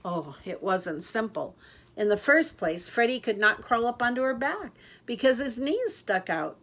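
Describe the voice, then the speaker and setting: Lively older woman reading a children's story. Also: a little high, a little slow. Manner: lively and expressive. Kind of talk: children's story read-aloud.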